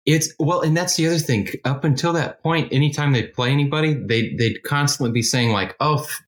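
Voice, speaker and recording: A man co-hosting a podcast in casual chat, relaxed and quick to joke and laugh. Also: mid-range voice. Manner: relaxed, joking, laughs easily. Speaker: podcast co-host.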